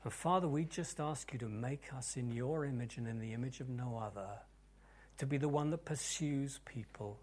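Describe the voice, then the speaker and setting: A pastor leading a congregation in a sermon and prayer, dropping to near-whispers and then rising to loud, fervent declarations. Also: male voice, mid-range voice, normal speed.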